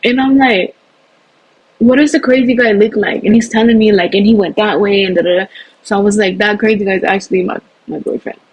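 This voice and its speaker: A woman telling her own story in an emotional, animated way, acting out the voices of others. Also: mid-range voice, quick pace, slightly rough, low-quality recording. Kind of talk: personal storytelling.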